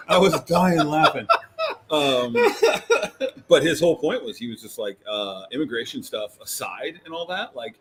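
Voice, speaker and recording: A man's voice: mid-range voice, moderate pace. Guy rambling thru a story on a podcast, um like a lot, bit of background hiss. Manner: rambling, animated storytelling with many fillers. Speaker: co-host. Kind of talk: casual chat.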